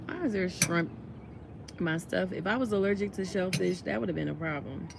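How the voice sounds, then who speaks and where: A woman's voice: lowish voice, brisk, vocal fry, noisy background. A woman vlogger chatting casually while eating, in a laid-back, chatty way.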